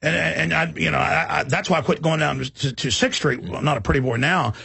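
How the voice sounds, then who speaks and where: A man's voice: on the high side, fast talker, creaky, sharp tone, slightly rough, no room sound. A man hosting a talk radio show, talking intensely in a rambling way with many restarts. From Texas.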